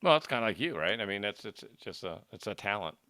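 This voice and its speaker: A man hosting a podcast, chatting casually with halting restarts and short affirmations. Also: fairly low pitch, very animated, bright, forceful tone. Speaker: podcast host. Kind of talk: casual interview chat.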